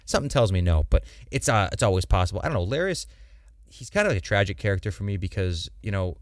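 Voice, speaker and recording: Guy on a podcast, talks fast, animated, swears a lot, does quick mock voices, dry close mic. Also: fairly low pitch, no echo. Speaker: podcast co-host. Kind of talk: casual chat.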